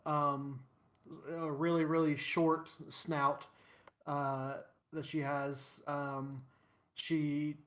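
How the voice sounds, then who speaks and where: A woman introduces her tabletop character at an unhurried pace. She hesitates often, stopping to search for words. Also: low voice. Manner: hesitant, lots of fillers. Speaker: player.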